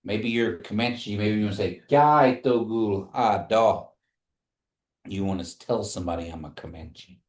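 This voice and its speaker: A man teaching a language class, speaking slowly and patiently and repeating phrases for his students to say back. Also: fairly low pitch, echoey room.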